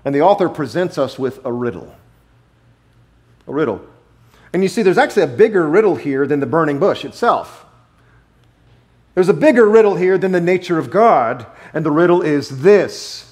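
A pastor preaches emphatically, repeating key phrases and swinging from loud declarations to hushed asides. His fairly high voice is animated and keeps a normal speed, broken by long pauses.

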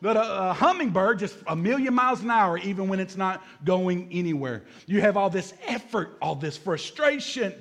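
A man with a notably high voice preaching a sermon. He is animated and dramatic, and breaks into acted-out asides as he speaks to the congregation. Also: moderate pace, few pauses. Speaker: pastor.

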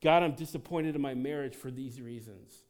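A man in his thirties preaches in a loose, conversational way, dropping in fillers and starting sentences over as he goes. He shifts into animated asides and sounds like he is talking straight to the congregation in front of him. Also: medium pitch, moderate pace. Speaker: pastor. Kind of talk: sermon. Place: church sanctuary.

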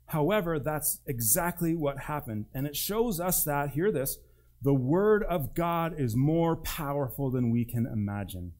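A male pastor with a fairly high, slightly mellow voice preaches a sermon in church at a measured pace, his intonation lively. He talks conversationally but with emphasis, asking the congregation direct questions and acting out quotes.

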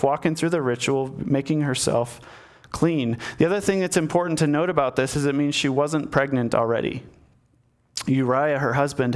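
A man giving a sermon in a conversational storytelling manner, talking to his listeners directly. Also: a little high. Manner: conversational storytelling, acts out the characters. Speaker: preacher.

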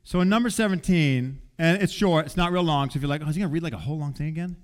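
A man's voice: on the high side, racing. Conversational man preaching a sermon. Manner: conversational, animated, acts out quoted voices. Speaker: pastor.

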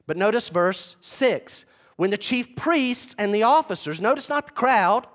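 A man's voice: high voice, animated, unhurried, fairly bright tone. A man preaching a sermon, retelling scenes dramatically and acting out the voices of the people in them. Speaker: pastor.

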